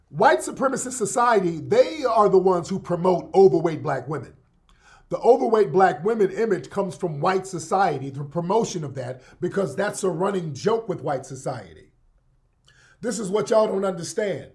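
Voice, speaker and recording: A man hosting a show, delivering a heated, confrontational monologue straight at his audience. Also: sits high. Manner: heated, confrontational, repetitive addressing. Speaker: show host.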